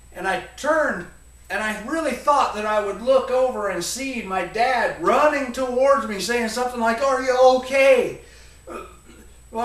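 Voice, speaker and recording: A man around forty, telling a comic story to an audience in a rambling, animated way. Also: very high voice. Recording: echoey room, voice from a distance.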